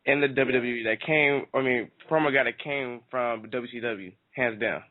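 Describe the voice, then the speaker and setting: A man's voice: mid-range voice, moderate pace. A man with a mid-range voice hosts a casual wrestling chat, stumbling through fillers and slang. His voice comes through thin, like a phone line. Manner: hesitant, many fillers, slangy. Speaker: radio show host. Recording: tinny phone-like sound.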